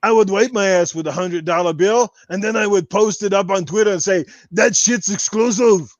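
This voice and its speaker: A man's voice: sits high, moderate pace, no room sound, lightly acted. A man doing a brash bodybuilder impression. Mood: joking. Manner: brash, boastful, rambling, trash-talking. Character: boastful muscle-bound Austrian bodybuilder, adult man. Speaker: podcast guest doing an impression. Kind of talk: comedic impression in podcast chat.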